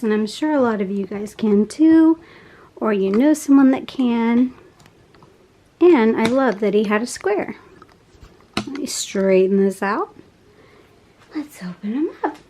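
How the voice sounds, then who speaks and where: Chatty woman vlogger, kinda high voice, slow easy pace, gushes over stuff. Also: rough recording. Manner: chatty, gushing, with soft laughs. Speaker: unboxing vlogger. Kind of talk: casual unboxing chat.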